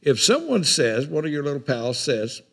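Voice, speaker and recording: A man's voice: a little high, sing-song, moderate pace, creaky, fairly bright tone, slightly rough. An older man preaching a sermon in a folksy, rambling way, often repeating his words.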